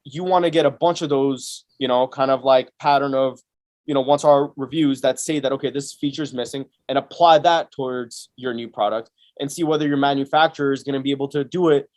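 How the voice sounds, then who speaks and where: A man's voice: mid-range voice, fairly even intonation, fairly quick, a little mellow. A man, a guest on a business podcast, explaining his method step by step in casual talk, full of "right?" and "you know". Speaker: guest, Amazon seller.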